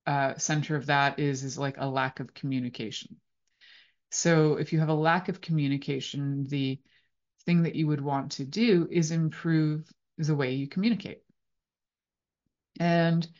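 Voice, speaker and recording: A woman hosting a podcast, musing on relationships in a rambling way with many fillers. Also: sits low. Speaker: podcast host. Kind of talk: reflective relationship talk. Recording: slightly dull lo-fi audio.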